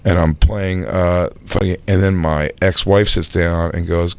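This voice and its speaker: Male co-host, lowish voice, rambling profane anecdotes. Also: steady tone, a little slow, gravelly, clear, resonant tone. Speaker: podcast co-host. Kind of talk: casual chat.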